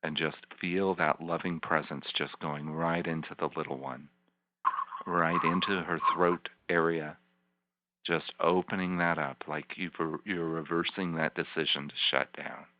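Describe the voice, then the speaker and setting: A man, a healing practitioner, leading a volunteer through slow guided imagery with soft, repetitive, soothing coaching. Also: very deep voice, steady tone, slight background noise. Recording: dull lo-fi teleconference line.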